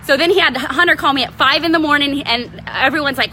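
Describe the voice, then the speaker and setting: Bright high-voiced woman coaching. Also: quick pace, a little hiss or hum. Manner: animated, keeps tagging "right?". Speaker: life coach hosting a live video. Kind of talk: casual motivational talk.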